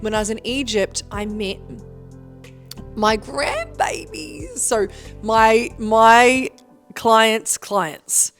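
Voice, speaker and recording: A woman's voice: on the high side, very animated, very slow, a bit bright, faint music behind. A thirty-year-old woman, a business coach giving a motivational monologue, emphatic and swearing often.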